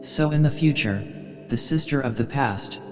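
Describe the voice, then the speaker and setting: A man reading the lines of a brooding young male scholar, solemn and deliberate. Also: medium pitch, close to an everyday voice. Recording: reverberant dull recording, faint music.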